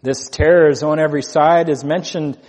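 A man's voice: fairly high pitch, fairly even intonation, fairly quick, a little mellow, long reverb tail. A man preaching a sermon as pastor, earnest, repeating key phrases for emphasis.

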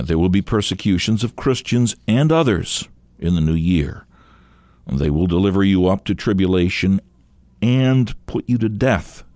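Earnest, lively-voiced man preaching a radio sermon. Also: low voice, dry recording. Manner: earnest, emphatic, stresses key words. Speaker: radio Bible teacher.

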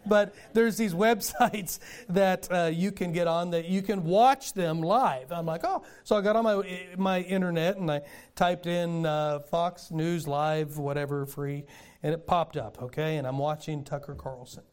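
An older man preaching a sermon in a folksy storytelling way, with sudden loud bursts. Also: fairly high pitch, a little slow, smooth. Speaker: pastor.

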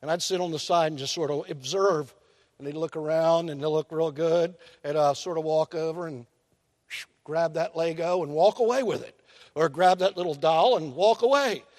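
A man's voice: fairly high pitch, a little mellow. An older man preaching a folksy sermon, drawing out key words and acting out little scenes. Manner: folksy preaching with drawn-out emphasis and acted-out asides. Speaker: pastor. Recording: long hall reverb.

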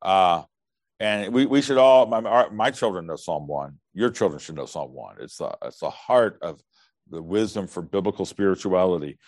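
A middle-aged man preaching a sermon, animated and humorous, acting out biblical characters as he tells their stories. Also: low voice, normal speed, no room sound. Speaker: pastor.

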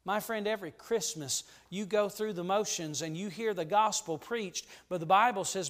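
High-voiced preacher in a reverberant church. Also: male voice, normal speed, few pauses. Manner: fervent, preacherly, swings from hushed to ringing. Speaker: pastor. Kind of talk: sermon. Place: church sanctuary. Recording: long hall reverb in a church.

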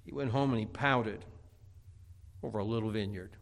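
A man preaching a sermon, telling a Bible story in a lively, dramatic way. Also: lowish voice, moderate pace, vocal fry. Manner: animated storytelling preaching, acting out scripture characters.

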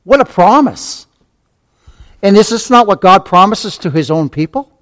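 A man's voice: high-pitched, lively intonation, normal speed, fairly bright tone. A man preaching a sermon as pastor, repeating key phrases, asking rhetorical questions and calling listeners beloved. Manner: repeats key phrases, rising to fervent emphasis.

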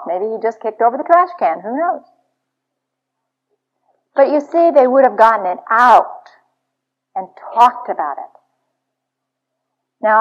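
A woman speaking to an audience about marriage in an earnest, confessional storytelling manner. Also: on the high side. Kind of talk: teaching talk to an audience. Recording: dull lo-fi recording.

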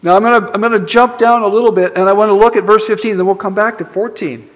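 A man's voice: high voice, fairly even intonation, quick pace, fairly bright tone, long reverb tail. A man preaching a sermon from the pulpit, emphatic and repeating words for stress. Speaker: pastor. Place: church sanctuary.

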